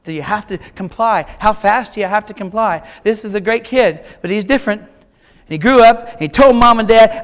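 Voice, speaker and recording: Middle-aged kansas guy, kinda high voice, cracking jokes at a big keynote crowd. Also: moderate pace, a bit bright. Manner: folksy, joking, audience-addressing. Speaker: keynote speaker. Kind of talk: motivational keynote storytelling. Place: large auditorium.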